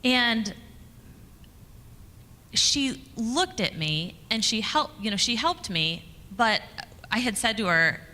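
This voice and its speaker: A woman's voice: mid-range voice, sing-song, measured pace, sharp tone. A woman telling a story to a conference audience in a chatty, conversational way, with fillers and restarts. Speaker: conference speaker, communications director. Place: conference hall. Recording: reverberant conference hall.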